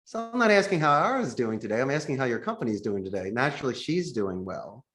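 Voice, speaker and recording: A man on a podcast teaching phone sales, his voice sitting at an ordinary middle pitch. He talks like a coach, jumping into little acted-out phone calls to show each technique. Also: big pitch swings, quick pace, fairly bright tone, faint music behind. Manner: acts out sample phone calls as he explains. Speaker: call center founder, podcast guest.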